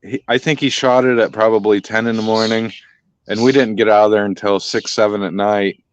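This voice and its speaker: A man's voice: lowish voice, brisk, clear, resonant tone, no room sound, dull audio. A man telling a hunting story in casual chat, swearing a lot and acting out the voices. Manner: profane, animated, acts out voices.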